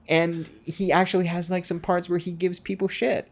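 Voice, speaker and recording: A man's voice: sits high, normal speed, few pauses. A man co-hosting a casual podcast, telling jokey stories and swearing freely. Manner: joking, profane, animated storyteller. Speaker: podcast co-host.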